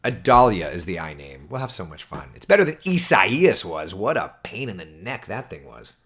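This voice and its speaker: A man's voice: deep voice, normal speed, breathy edge. A man, a TV meteorologist, chatting casually on a livestream and answering viewer questions. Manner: chatty, animated, reads viewer comments aloud.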